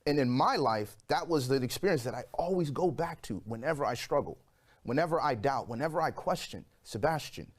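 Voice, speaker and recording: A man in his forties, a guest telling his personal story in an interview, lively and acting out the voices of people in it. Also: mid-range voice. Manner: animated storyteller, acts out quoted voices.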